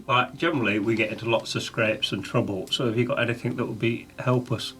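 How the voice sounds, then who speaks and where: A man's voice: mid-range voice, fast, faint music behind. A man playing a dwarf in a tabletop game, eager and chatty. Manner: eager, animated. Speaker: player. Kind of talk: casual tabletop play.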